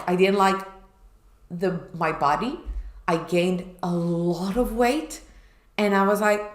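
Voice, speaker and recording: Woman, candid personal storytelling, mid-pitched voice, roomy echo. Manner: candid and emotional, acting out her past self. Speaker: podcast co-host. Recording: echoey room.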